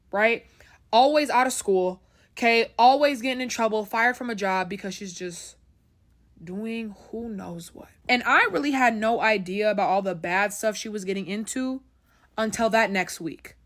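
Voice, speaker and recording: A woman's voice: mid-range voice, fairly bright tone. A young woman telling a story in a casual, chatty way, often checking in with the listener. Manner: chatty, keeps asking "right?".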